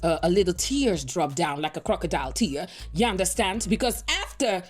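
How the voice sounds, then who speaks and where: A woman's voice: fairly low pitch, big pitch swings, moderate pace. A young adult woman giving casual gossip commentary as a news-style vlogger, playful and sassy, often laughing and tossing out rhetorical asides.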